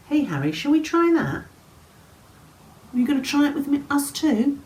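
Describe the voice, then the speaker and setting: Animated woman telling a children's story. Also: sits high, normal speed, long pauses, slight background noise, low-quality recording. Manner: animated and playful, often dropping to a whisper. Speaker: children's concert presenter. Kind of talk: storytelling and singing for young children. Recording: faint instrumental music behind.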